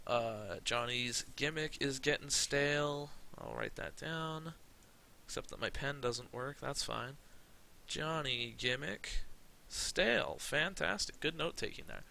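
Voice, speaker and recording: A man's voice: mid-range voice, unhurried, vocal fry, pushed and bright, a little hiss or hum, poor audio. A man giving rambling, sarcastic commentary on his wrestling management game, swearing casually. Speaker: let's play commentator.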